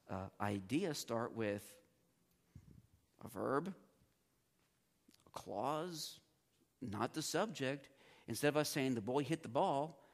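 A man teaching a class on the Bible at a medium pitch. He talks in a loose, conversational way and now and then breaks into his students' puzzled voices to make a point. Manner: conversational, acts out students' reactions.

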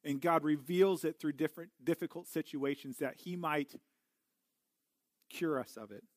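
A man's voice: a little high, normal speed, no room sound, studio quality. A middle-aged man preaching a sermon as a pastor, earnest and often restarting his words. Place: church.

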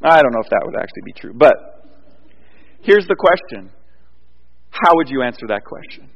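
A man preaching a sermon, moving between loud emphatic points and quiet, rambling storytelling with frequent restarts. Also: medium pitch, big pitch swings, moderate pace, creaky. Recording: dull sound with long hall reverb.

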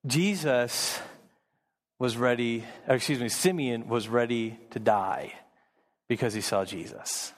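A man's voice: medium pitch, in a large hall. A man preaching a sermon as pastor, earnest, often repeating words as he builds emphasis.

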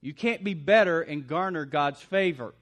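A man preaching a sermon as pastor, swinging between loud punchy lines and quiet asides. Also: fairly high pitch, expressive, normal speed.

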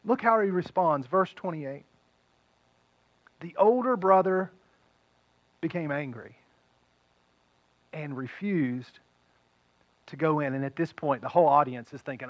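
A man pastor preaching a sermon, retelling a story with animated delivery and acting out the characters' voices. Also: fairly high pitch, measured pace, pauses often, no room sound, muffled recording.

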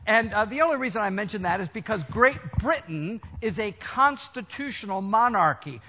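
Older American male preacher, emphatic storytelling sermon delivery, sharp tone. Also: sits high, lively intonation, moderate pace, a little hiss or hum. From United States. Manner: emphatic, storytelling, addresses congregation directly. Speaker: preacher, college chancellor. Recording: dull lo-fi sermon recording.

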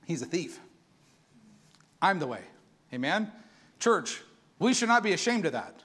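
Animated high-voiced preacher. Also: male voice, measured pace, breathy edge. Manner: animated, conversational preaching with call-and-response. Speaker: pastor. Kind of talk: sermon.

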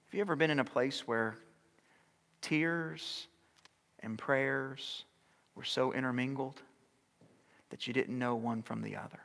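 A middle-aged man preaching a sermon as pastor, shifting from loud, urgent exhortation down to soft, near-whispered lines. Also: mid-range voice, unhurried, creaky, long pauses. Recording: long hall reverb.

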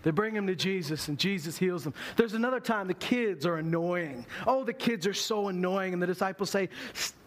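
A man's voice: high voice, fairly quick, hardly any pauses. A man preaching a sermon in a church, telling stories with humor and acting out voices. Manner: humorous storytelling, acts out voices. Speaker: pastor.

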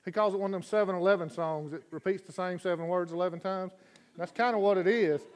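A man preaching a sermon as a guest preacher in a church, folksy and chatty, rising to loud fervent scripture reading. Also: sits high, fast talker. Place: church sanctuary.

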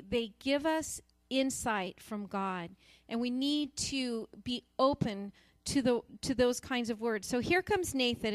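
A woman's voice: on the high side, no echo. A woman preaching a sermon in an earnest, emphatic way, repeating phrases for stress.

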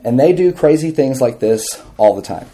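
A man giving a sermon to a live audience, telling stories with animated energy, laughing and asking the room questions. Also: medium pitch, moderate pace. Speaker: preacher.

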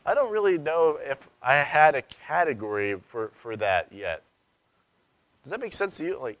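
A man's voice: fairly high pitch, no echo. Conversational pastor man, dry sound. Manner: conversational, searching, with rhetorical questions and sudden loud emphasis. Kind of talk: sermon.

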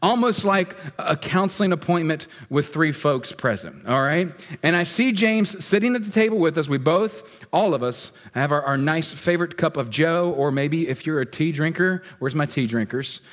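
Upbeat pastor in an echoey hall. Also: male voice, a little high, lively intonation, moderate pace, few pauses. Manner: conversational, playful, addresses congregation directly. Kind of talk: sermon. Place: church sanctuary.

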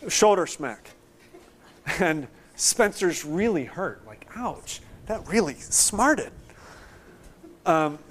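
A man preaching a sermon, explaining scripture in a conversational, animated way and acting out quotes. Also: fairly high pitch. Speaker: pastor.

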